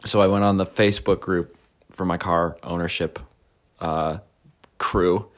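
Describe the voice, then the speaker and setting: A man's voice: deep voice, steady tone, measured pace. A young man co-hosting a podcast, telling a story in a casual, laid-back way and laughing often. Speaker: podcast co-host.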